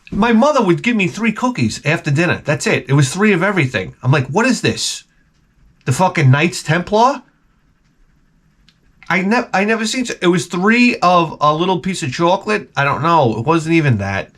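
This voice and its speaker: A middle-aged man rants in a rambling, profane, animated way, full of restarts. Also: high voice, normal speed. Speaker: vlogger. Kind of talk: profane comic rant.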